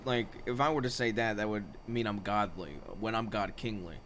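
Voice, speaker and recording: A man's voice: on the low side, normal speed, fairly bright tone, a little hiss or hum. A man chatting casually in character during a role-play game, laid-back and dryly boastful. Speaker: streamer role-playing a character.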